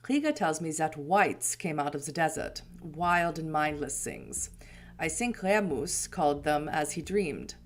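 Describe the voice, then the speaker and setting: A woman voicing a stern elder male vampire prince, reading his lines in a formal, measured way. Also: low-pitched, expressive.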